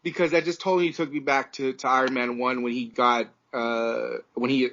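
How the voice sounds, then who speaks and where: A man's voice: medium pitch, level tone, normal speed, fairly bright tone, highs cut off. A podcast producer, a man, chatting casually and talking earnestly and emotionally.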